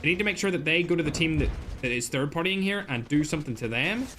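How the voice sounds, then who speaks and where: A young man giving live esports commentary as a streamer, excitable and full of exclamations, chatting with his viewers as he calls the action. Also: a little high, fast, slight background noise. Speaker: streamer casting a mobile shooter tournament.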